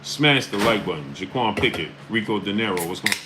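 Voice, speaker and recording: A man from Brooklyn with a New York accent hosting a casual live stream, reading out viewer names with quick greetings and speaking bluntly and emphatically. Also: on the low side, animated, noisy background.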